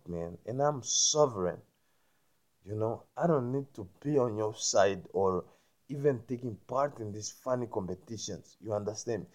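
A man rambling through a spiritual monologue, repeating himself and often checking that the listener understands, growing loud and emphatic when indignant. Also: medium pitch. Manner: repetitive, keeps asking "you understand me?".

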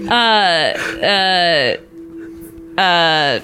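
A woman's voice: mid-range voice, sing-song, music in the background. A woman, a podcast guest, chatting casually and gamely reading lines in a comedy challenge. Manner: slow, game, reads lines for the challenge.

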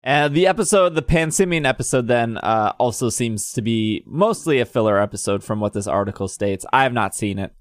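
A man of middle pitch co-hosting a chatty podcast. He reads out news and sales figures in a loose, slightly scattered way, close to a dry microphone. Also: a little fast, few pauses, no echo. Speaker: podcast co-host. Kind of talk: casual chat.

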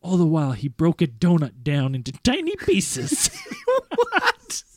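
A man reading a first-person story aloud in a measured, earnest way, as a podcast host. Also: on the high side, huge pitch swings, dark tone, no echo, studio quality.

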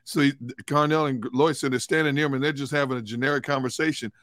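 A man co-hosting a sports talk show tells a relaxed anecdote in an easy, mid-pitched voice. The sound is dry, with no room around it. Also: fast, dry recording. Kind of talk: casual storytelling chat.

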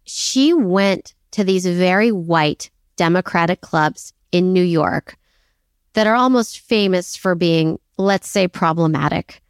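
A woman's voice: on the low side, slow, smooth, no echo, studio quality. A woman co-hosting a podcast in casual chat, chatty and self-deprecating with many fillers. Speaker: podcast co-host.

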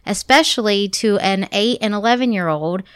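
A woman in her thirties, a podcast host and mother, chatting casually and telling animated stories with frequent laughter. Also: mid-range voice, normal speed, smooth, dry recording, clean studio sound. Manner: animated storyteller, laughs often, acts out her kids' voices. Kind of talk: casual chat.

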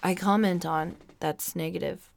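A woman's voice: fairly low pitch, steady tone, measured pace, vocal fry, a little hiss or hum. A woman co-hosting a podcast in casual chat, often chiming in with short agreeing replies. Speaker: podcast co-host.

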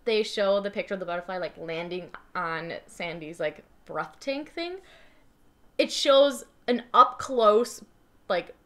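A woman's voice: medium pitch, animated, a little slow, fairly bright tone. A young woman co-hosting a podcast in casual chat, playfully dramatic and chatty. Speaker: podcast co-host.

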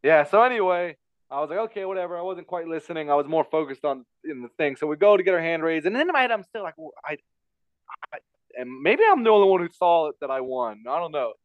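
A man with a high voice rattles through a personal story at a quick clip, circling back and repeating himself. The sound is dry and a little dull, recorded close with no room around it. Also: expressive, no room sound. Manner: rambling, repeats himself, frequent fillers. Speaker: podcast guest telling a story. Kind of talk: casual storytelling chat.

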